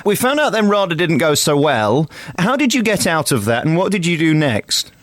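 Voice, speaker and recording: A man hosting a broadcast interview, asking quick, teasing follow-up questions. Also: on the high side, sing-song, a bit bright, no echo. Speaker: interviewer, radio host.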